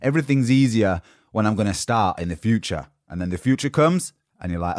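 A man's voice: on the low side, animated, brisk, darkish tone, no room sound, studio quality. A young British man hosting a solo motivational podcast in a rambling, conversational way from his home. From Britain. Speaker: podcast host. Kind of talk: casual solo podcast talk.

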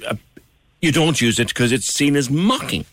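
A middle-aged man, chatting on radio as host in a lively, incredulous way. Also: mid-range voice, normal speed, dry recording. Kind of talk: radio chat.

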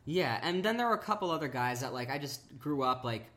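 Very low-voiced woman rambling casually. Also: lively intonation, fast, fairly bright tone. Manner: rambling, tangential, many fillers. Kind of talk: casual chat.

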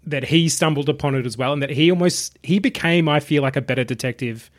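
A man's voice: on the high side, fast. Laid-back man chatting about a movie. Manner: relaxed, laughs often, retells scenes with quoted lines. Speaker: film podcast co-host. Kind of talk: casual film review chat.

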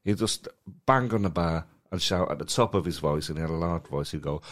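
A man co-hosting a podcast, chatty and animated, laughing often. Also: low voice, fairly quick. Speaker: podcast co-host. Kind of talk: casual chat.

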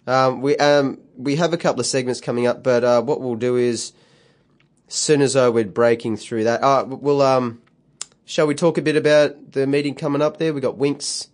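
A man's voice: medium pitch, fairly even intonation, moderate pace. A man co-hosting sports radio, trading crude jokes and reading a comic round review. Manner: crude, joking, stumbling when unscripted.

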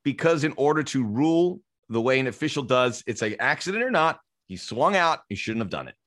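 A man's voice: mid-range voice, big pitch swings, fairly quick, a bit bright, no room sound. An American man hosting a podcast, chatting casually in a playful, joking way. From United States. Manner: playful, joking, with frequent restarts. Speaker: podcast host. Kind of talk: casual chat.

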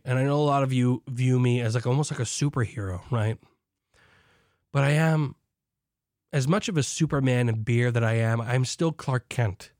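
A man hosting a beer podcast alone, drinking as he talks, hyped and swearing, swinging between shouted zeal and low asides. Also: no echo, clean studio sound. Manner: swears, mock preacher zeal. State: drinking beer while talking. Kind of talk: excited solo podcast monologue.

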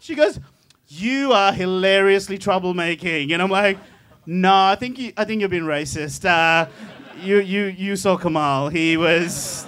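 A man's voice: high-pitched, a bit bright. A man, a comedian, telling self-mocking stories on a live comedy podcast in a pub, laughing often and mimicking voices. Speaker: comedian guest.

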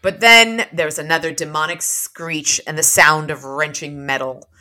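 A podcast co-host walks listeners through a novel's chapters, mixing casual summary with read-aloud passages. Her voice is bright and forceful and sits low for a woman. She gives each quoted character a light shift in delivery rather than full acting. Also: steady tone, measured pace.

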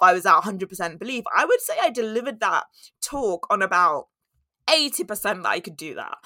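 A woman's voice: mid-range voice, sharp tone, no room sound, clean studio sound. A young woman telling a candid, reflective personal story in a monologue, now and then acting out her own inner voice.

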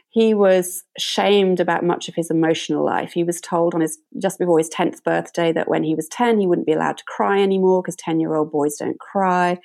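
A woman meditation teacher, a guest in an interview, telling a story in a gentle and reflective way. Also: lowish voice, creaky.

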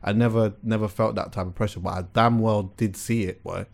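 Give me a young male podcast host, calm and thoughtful. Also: lowish voice, brisk, gravelly. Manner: relaxed, reflective, slangy. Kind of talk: casual chat.

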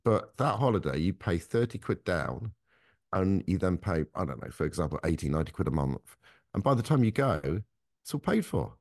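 A man's voice: low voice, big pitch swings, no room sound, clean studio sound. A young man, co-hosting a casual podcast and rambling about expenses in a grumbling way. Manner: grumbling, rambling about costs, slow drawn-out asides. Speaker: podcast co-host. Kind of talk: casual banter.

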